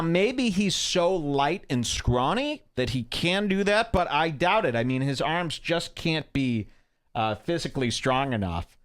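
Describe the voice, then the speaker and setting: A sarcastic male podcast host who reads posts aloud and mocks them. His pitch swings widely as he talks, with a mid-range voice and a casual, needling tone. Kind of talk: mocking podcast commentary.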